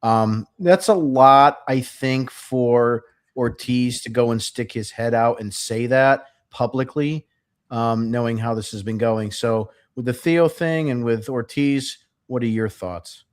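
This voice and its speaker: A man's voice: mid-range voice, slow. A man hosting a casual sports podcast, putting long, winding questions to a co-host.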